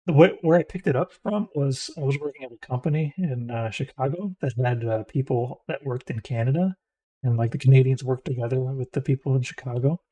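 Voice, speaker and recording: Mellow rambling American man gaming. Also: medium pitch, breathy edge, low-quality recording. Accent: Florida, mild Midwestern. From United States. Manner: rambling, musing aloud. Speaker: gaming streamer. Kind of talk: casual game commentary.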